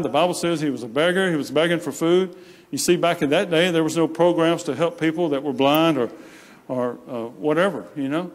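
Male preacher, storytelling sermon, slightly high pitch, echoing sanctuary. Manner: plain storytelling, acts out quoted voices, repeats phrases. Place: church sanctuary. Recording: long hall reverb.

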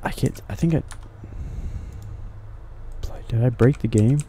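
Dark-voiced man playing a horror game. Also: mid-range voice, measured pace, breathy edge. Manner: jumpy, swearing, whispering when scared, talking to game characters. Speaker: gaming streamer. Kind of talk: horror game let's play commentary.

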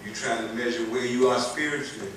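A man's voice: medium pitch, fairly even intonation, brisk, crowd noise. A male pastor with a Southern accent preaching a sermon, scattering amens and building to emphatic lines. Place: church sanctuary. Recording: echoey church, heard from far off.

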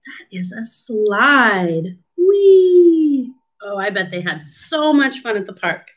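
A woman speech clinician reading a picture book aloud to young children, asking them questions and coaching syllable clapping in a slow, teacherly way. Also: medium pitch, expressive, sharp tone, low-quality recording. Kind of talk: children's storybook read-aloud.

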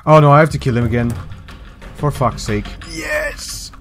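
A young man in casual gaming commentary who turns the game into a playful mock story. His pitch swings widely as he jokes, and faint music plays under him. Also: huge pitch swings, normal speed, a bit bright. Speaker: gaming video host. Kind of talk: casual let's-play commentary.

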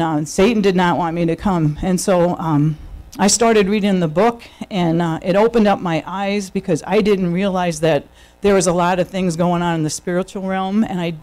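A woman with a New York accent gives a chatty personal testimony at a church service, telling her story full of fillers, restarts, and self-corrections. Her voice is fairly low and a little mellow, captured on a low-quality recording.

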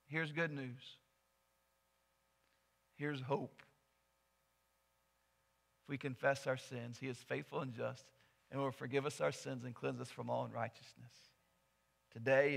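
A male pastor preaching a sermon in a church, telling a story earnestly and swinging from soft to loud. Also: medium pitch, gravelly. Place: church sanctuary.

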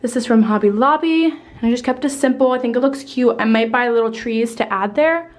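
Twenties woman vlogger, upbeat and a little out of breath, slightly high-pitched, chatty and casual. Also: brisk. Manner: gushing, chatty, swears casually. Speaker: lifestyle vlogger. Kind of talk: casual home tour chat. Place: her decorated home, indoors.

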